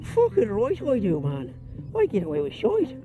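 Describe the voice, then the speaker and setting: A man's voice: high-pitched, huge pitch swings, normal speed, muffled recording, soft background music, voice pushed up. A man voicing a cheeky, foul-mouthed little male farm dog with an Irish accent. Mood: cocky.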